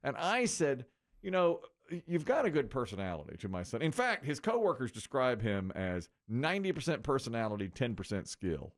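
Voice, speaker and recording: A man's voice: medium pitch, sing-song, fairly quick. A middle-aged man hosting a morning radio show, telling a story casually and swinging his voice for the people he quotes.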